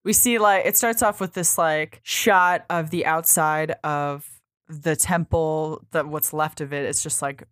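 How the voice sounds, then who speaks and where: Woman co-host, low-pitched, dry close sound, rambling casual recap delivery. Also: steady tone, a little slow, a bit bright, dry recording. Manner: loose and chatty, heavy on filler words and swearing. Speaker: podcast co-host. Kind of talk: casual chat recapping a comic.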